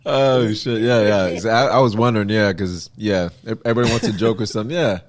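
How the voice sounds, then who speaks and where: A man's voice: on the low side, fairly quick, dry recording. A man co-hosting a podcast, asking questions in casual chat with encouraging interjections. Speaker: podcast co-host.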